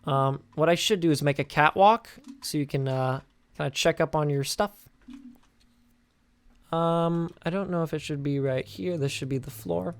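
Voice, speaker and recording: A man's voice: a little high, normal speed, clean tone. A young man hosting a casual game-building commentary, tired and sleepy, rambling and chatty with lots of fillers and restarts. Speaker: gaming channel host.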